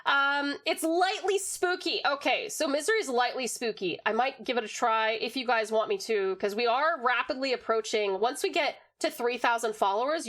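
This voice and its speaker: A woman's voice: a little high, a bit bright. A young woman from Tasmania, Australia, chatting casually on a livestream, bubbly and giggly as she greets viewers and reads messages from chat. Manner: bubbly, giggly, fast-switching, swears casually. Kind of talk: casual live-stream chat, reading chat messages.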